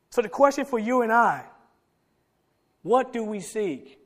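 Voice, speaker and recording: A middle-aged man preaching a sermon, swinging between loud emphatic calls and soft low asides. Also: lively intonation, measured pace, pauses often. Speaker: pastor.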